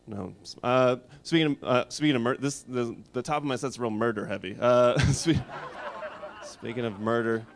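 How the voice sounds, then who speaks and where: A man in his thirties performs a stand-up comedy set in a small studio, dropping dark jokes with a deadpan delivery. His voice sits at an ordinary middle pitch, with a faint hiss in the background. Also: moderate pace, vocal fry. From Colorado. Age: 30s. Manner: deadpan, absurd one-liners.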